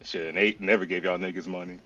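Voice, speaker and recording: A man's voice: deep voice, steady tone, quick pace, muffled recording, loud music behind the voice. A man co-hosting a casual chat, laid-back and laughing a lot.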